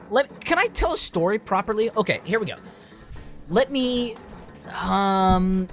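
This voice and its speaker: A man's voice: sits high, a bit bright. Rambling young man ranting about games. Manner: rambling, filler-heavy, restarts. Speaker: game reviewer. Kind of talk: rambling late-night vlog rant.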